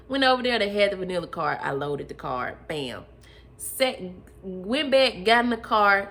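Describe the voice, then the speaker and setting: A young woman casually telling a personal testimony, addressing listeners as y'all and acting out what she and others said. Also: on the low side. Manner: animated, addresses listeners as y'all, acts out her own quotes. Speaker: storyteller sharing personal testimony. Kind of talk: casual personal storytelling to viewers.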